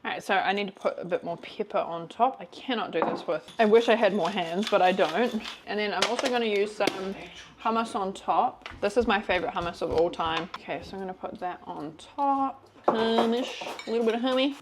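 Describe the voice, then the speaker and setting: An upbeat woman chatting through her dinner prep in a home kitchen, speaking at a middle pitch. She talks casually and teases herself now and then. A faint hiss of background noise sits under her voice. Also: moderate pace. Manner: chatty, upbeat, self-teasing. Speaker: vlogger cooking at home. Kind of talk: casual cooking vlog chat.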